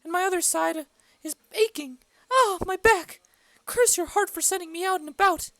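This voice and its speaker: A woman's voice: very high-pitched, normal speed, a bit bright, no room sound. A woman voicing a fussy old nurse who grumbles about her aches and bosses and teases in an amateur play reading. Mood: complaining. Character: fussy old female nurse, teasing and complaining.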